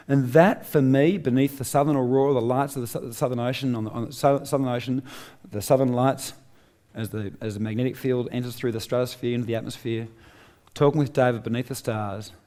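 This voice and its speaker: With a warm, medium-pitched voice and a slightly fast pace, a middle-aged Australian man gives a motivational talk to a live crowd on stage. He leans on rhetorical questions and repeats key points for emphasis.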